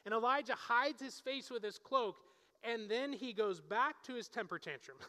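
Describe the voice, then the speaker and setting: A middle-aged man preaching a sermon in a relaxed, conversational way, often checking in with his listeners. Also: extremely high pitch, unhurried. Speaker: pastor. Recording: long reverb of a large hall.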